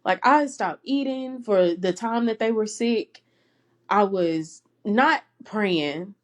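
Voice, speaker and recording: A woman's voice: medium pitch, slow pace. A young woman hosting a personal faith podcast, speaking earnestly and emotionally and laughing between phrases. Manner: emotional, close to tears at times. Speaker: podcast host.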